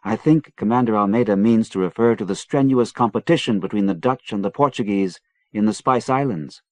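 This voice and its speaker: A man reading an audiobook, voicing a bold, quick-witted young British woman who is poised and inquiring. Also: lowish voice, no echo, lightly acted. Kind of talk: audiobook character voice.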